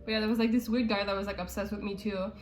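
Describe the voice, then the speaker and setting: A woman's voice: mid-range voice, level tone, very fast, slight background noise. A young woman, casually telling a profane childhood party story to a friend, laughing often. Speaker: vlogger.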